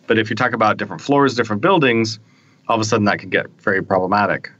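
A man's voice: on the low side, racing, fairly bright tone, muffled recording. A man on a tech podcast telling work stories in a chatty, rambling way, often checking in with his listeners. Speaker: podcast panelist. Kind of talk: casual technical discussion.

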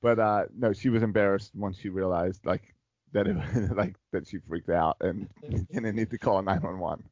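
A man's voice: deep voice, moderate pace, a little mellow, dry recording, dull audio. A man co-hosting a casual podcast chat, telling a long story with frequent laughs and filler words. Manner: rambling storyteller, laughs often. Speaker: podcast co-host.

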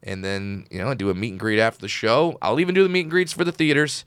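A man from Southern California, a comedian guest on an interview show, telling animated stories and acting out the people in them. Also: lowish voice, quick pace, clear, resonant tone, no room sound, studio quality. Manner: animated storyteller, acts out quotes. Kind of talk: casual interview chat.

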